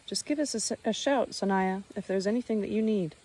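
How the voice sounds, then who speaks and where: A woman's voice: mid-range voice, a little fast, mellow, pitched above the performer's own voice, close to an everyday voice. A woman reading the lines of a welcoming homemaker, a neighbor's wife, in an audiobook.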